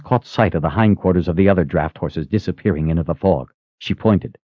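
A man's voice: low voice, fairly quick, hardly any pauses, no echo. A man reading a fantasy audiobook as narrator, dramatic and shifting his pace. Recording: slightly muffled dry recording.

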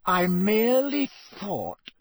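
A man voicing a cold, controlled male professor who speaks slowly in a strained, clipped way. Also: high-pitched, wildly swooping pitch, no room sound, pitched above the performer's own voice, exaggerated voice. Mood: forced calm. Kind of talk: audiobook character voice.

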